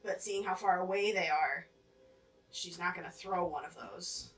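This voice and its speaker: A woman's voice: lowish voice, moderate pace, a bit bright, far from the mic. A woman playing a tabletop game, chatty, swearing casually and asking rules questions. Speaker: player. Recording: roomy, from off-mic.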